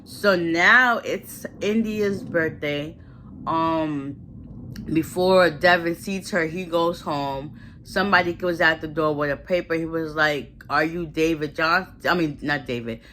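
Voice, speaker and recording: A woman's voice: deep voice, unhurried, a bit bright, a little hiss or hum. A woman casually recapping a movie plot in a chatty, slangy way, acting out the characters' lines as she goes.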